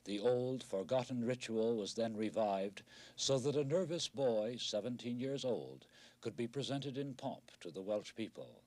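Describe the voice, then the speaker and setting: A middle-aged man narrating a television news report in a measured, wry documentary style. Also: mid-range voice, animated, a little mellow, dry recording.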